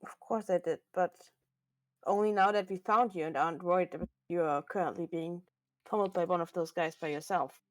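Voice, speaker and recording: A woman's voice: fairly low pitch, a little fast. A woman player speaking earnestly in character during a casual tabletop role-playing session.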